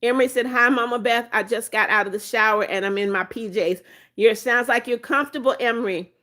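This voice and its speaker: A woman's voice: a little high, fairly quick, sharp tone. A woman from Florida hosting a phone livestream, reading viewers' chat comments aloud and thanking them by name, chatty and firm about her rules. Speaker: livestream host.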